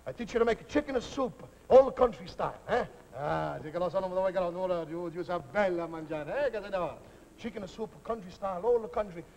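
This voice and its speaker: A boisterous mock-Italian cook. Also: male voice, sits high, fairly quick. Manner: broken English mixed with Italian-sounding double-talk, excitable. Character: boisterous middle-aged male Italian cook. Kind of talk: live TV comedy sketch. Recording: scratchy hissy 1949 television recording.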